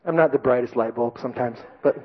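A man preaching a sermon to a congregation, telling a personal story with lively, self-mocking delivery and loud acted-out voices. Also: medium pitch, fast, husky. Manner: animated storytelling, shouting quoted drill sergeant. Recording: dull lo-fi recording.

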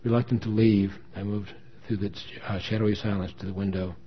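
A man's voice: on the low side, level tone, brisk, breathy edge. A man reading a dramatic first-person story with earnest emotion. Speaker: story reader. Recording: dull lo-fi recording.

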